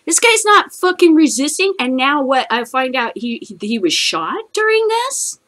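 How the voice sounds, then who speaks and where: Angry and profane, an American woman hosting a cannabis news show rants about current news in rapid bursts. Her high-pitched voice is fairly bright and swings widely in pitch.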